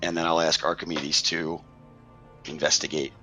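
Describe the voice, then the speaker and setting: A man's voice: a bass voice, flat delivery, normal speed, bright, forceful tone, faint music behind. A man playing in a tabletop game, speaking hesitantly with many "um" fillers over dull voice-chat audio. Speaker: player. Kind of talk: tabletop role-play chat.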